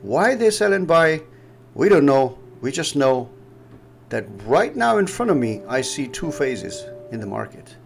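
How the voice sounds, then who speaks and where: Man, Pakistani English accent, mid-range voice with some fry, rambling explainer who often laughs. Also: medium pitch, very animated, measured pace, a little hiss or hum. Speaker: trading educator. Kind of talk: casual chart-analysis chat.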